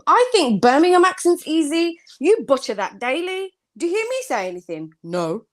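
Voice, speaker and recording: A woman with a London accent, a panelist on a talk show, firing back quick feisty comebacks in casual banter. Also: very high voice, sing-song.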